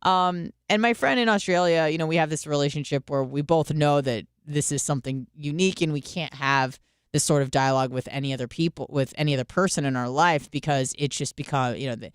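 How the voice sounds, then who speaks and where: A woman's voice: low voice, fairly quick, clean tone, no room sound, clean studio sound. A woman hosting a radio show, talking in a candid, chatty way and acting out quotes with some profanity. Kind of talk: casual monologue.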